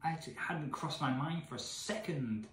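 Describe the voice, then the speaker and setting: A fairly high-pitched, unhurried English man rants in exasperation to camera as a vlogger reading a gamebook, incredulous and swinging from shouting to mumbling. The room he's in, lit by candles and away from home, is echoey, and there's a little hiss or hum.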